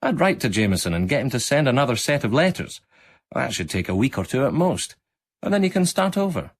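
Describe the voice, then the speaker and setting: A jovial, bearded young Scotsman with a lilting accent, as a male reader puts him on. He chats in a forward, friendly way, pitched brightly above the reader's own voice. This is part of an archived radio story reading. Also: big pitch swings, fairly quick. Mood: reassuring. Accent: Scottish.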